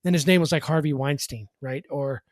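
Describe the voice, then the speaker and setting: High-voiced man in his sixties telling stories. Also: no room sound. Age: 60s. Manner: animated storyteller, quick asides. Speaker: guest, former radio co-host and columnist. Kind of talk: casual podcast chat.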